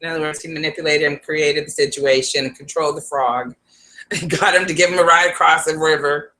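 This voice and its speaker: Bright-voiced woman psychic rambling. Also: sits low, steady tone, fairly quick. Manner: rambling, laughs often, talks to viewers. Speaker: psychic advisor. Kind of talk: casual rambling vlog talk.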